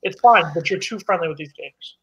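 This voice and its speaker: Brash, high-voiced sports show host. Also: male voice, quick pace, fairly bright tone, highs cut off. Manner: brash, teasing, bossy. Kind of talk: casual sports talk show.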